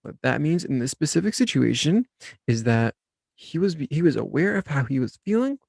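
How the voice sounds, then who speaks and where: Young guy podcasting, gravelly voice, dry close sound, rambly with lots of ums. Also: on the high side, normal speed, dry recording. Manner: relaxed, rambling with many fillers and restarts. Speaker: podcast host. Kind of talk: casual storytelling and self-help explanation.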